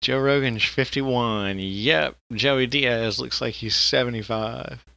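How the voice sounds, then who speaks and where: A man's voice: medium pitch, takes it slowly, vocal fry, bright, forceful tone, dry recording. A man co-hosting a podcast in casual, rambling chat, swearing freely and laughing often. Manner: rambling and profane, with frequent laughter. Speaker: podcast co-host.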